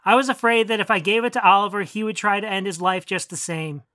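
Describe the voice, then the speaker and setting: A narrator earnestly reading a first-person story aloud in a measured way. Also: medium pitch, pushed and bright, no room sound, studio quality.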